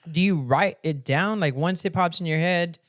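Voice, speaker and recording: A male podcast host probes his guest with curious, teasing questions. His voice sits a little high for a man. He keeps the chat loose. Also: moderate pace, fairly bright tone, no echo, clean studio sound. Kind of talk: casual interview chat.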